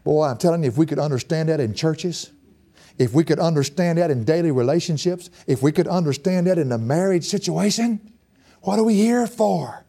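A male preacher delivers a sermon in a folksy, emphatic manner. His voice sits slightly high for a man yet sounds mellow and warm. He keeps the delivery lively and animated. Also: brisk, gravelly, breathy edge.

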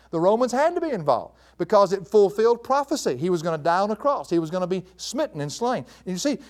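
A man giving a verse-by-verse Bible teaching, emphatic and animated, with chuckling asides. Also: high voice.

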